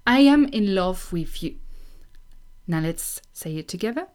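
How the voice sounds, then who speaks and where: A woman teaching phrases in a language lesson, slowly modelling each one for learners to repeat, with chatty asides. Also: lowish voice, lively intonation, darkish tone, clean tone. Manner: slow, patient, models phrases for repetition. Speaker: French teacher.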